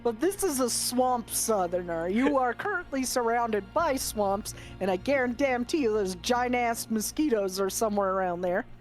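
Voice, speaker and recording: A woman's voice: a little high, expressive, moderate pace, hardly any pauses, faint music behind. A woman running a tabletop game as game master, laughing often and swearing casually.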